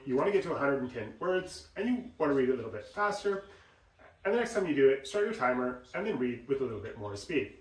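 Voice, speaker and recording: Man coaching voice from across a roomy space. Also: mid-range voice. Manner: animated, demonstrates examples in exaggerated voices. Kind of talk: instructional talk with demonstrations. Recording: roomy sound, mic at a distance.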